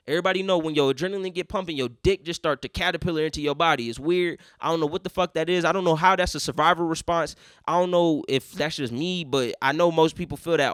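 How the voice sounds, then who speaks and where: Young man, profane casual storytelling, slightly high voice, dry close sound. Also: no echo. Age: young adult. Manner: profane, animated, acts out other people in quotes. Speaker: podcast host.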